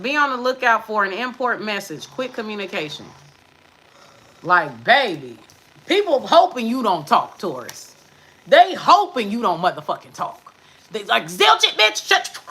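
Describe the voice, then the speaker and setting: A woman tarot reader talking to her viewers in a brash, profane, sassy way, with emphatic bursts and quick muttered asides. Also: medium pitch, fairly bright tone, poor audio. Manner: emphatic, with sudden drops to mutters. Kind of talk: live tarot reading monologue.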